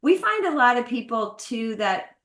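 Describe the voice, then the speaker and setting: A woman's voice: a little high, very animated, moderate pace, a bit bright. An American woman, a guest talking casually and at length, full of fillers and laughs. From United States. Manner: talkative, many fillers, laughs often. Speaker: guest, glamping business owner. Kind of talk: casual interview. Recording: roomy echo.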